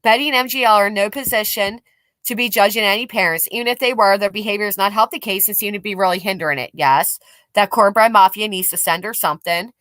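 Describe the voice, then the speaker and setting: A woman's voice: medium pitch, pushed and bright, no room sound. A woman hosting a livestream, commenting bluntly and angrily with profanity while reading out chat messages. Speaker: commentary channel host.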